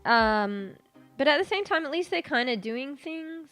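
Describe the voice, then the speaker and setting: A woman's voice: high voice, lively intonation, a little slow, a bit bright. Woman, streamer, casual chat, sore throat, coughing, filler-heavy rambling, faint music behind. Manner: rambling, many fillers and restarts.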